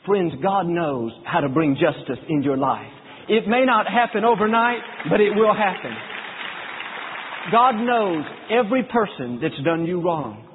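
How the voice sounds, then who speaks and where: A man with a husky, slightly high voice preaches with earnest storytelling. His words carry a long hall echo. The sound is thin and phone-like. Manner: earnest storytelling preacher, slows for scripture quotes. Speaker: pastor. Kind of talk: sermon.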